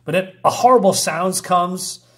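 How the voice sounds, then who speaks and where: A man's voice: high voice, a little slow, a bit bright. Rambling man reacting to a comic. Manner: hesitant, filler-heavy, incredulous. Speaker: channel host. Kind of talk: casual reading and reaction commentary.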